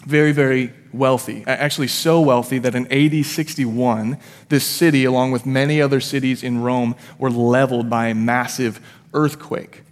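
Guy in his 30s preaching, chatty storyteller vibe, mid pitch, long church-hall echo. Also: steady tone, moderate pace. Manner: conversational, vivid storyteller with fillers and self-deprecating asides. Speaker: pastor. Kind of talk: sermon with personal storytelling. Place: church sanctuary.

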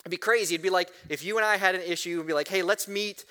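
Bright, high-voiced preaching man. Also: fast talker, clean tone. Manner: animated preaching with frequent restarts and "right?" asides. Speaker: pastor. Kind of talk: sermon.

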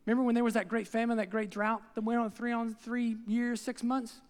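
An older man preaches with a voice pitched unusually high for a man, telling the story with animated energy and putting on the crowd's voices. His words ring out with a long reverb, as in a large church hall. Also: a little fast, hardly any pauses, clear, resonant tone. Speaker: pastor. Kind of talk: sermon.

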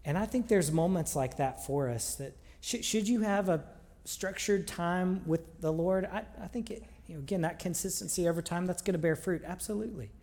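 A man's voice: sits high, normal speed, a little mellow. A man preaching a sermon in a conversational, earnest way, with frequent restarts. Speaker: pastor. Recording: long reverb of a large hall.

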